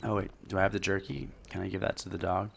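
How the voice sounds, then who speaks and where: Casting: low-voiced let's-play host, relaxed and unpolished, reads haltingly with gravel in the voice. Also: male voice, a little hiss or hum. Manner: self-deprecating, loose, halting reading with fillers. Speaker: gameplay host. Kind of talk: casual let's-play narration, reading game text aloud.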